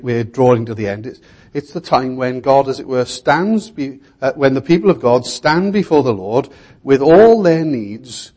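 A male preacher with a mellow, husky, mid-range voice delivers an expository sermon. His pace is measured, and he repeatedly poses rhetorical questions to his listeners.

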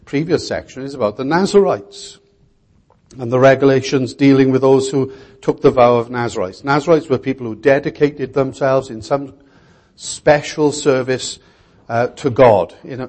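A male preacher delivering an expository sermon with a mellow, husky voice. He speaks in a measured way and keeps asking his listeners rhetorical questions. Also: medium pitch.

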